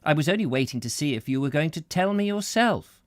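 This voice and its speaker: A man's voice: on the high side, expressive, a little fast, dry recording, studio quality, voice pushed up, natural voice. A man doing an eager, admiring old woman. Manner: breathless, emphatic. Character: elderly country woman, eager, admiring, fond of spirits.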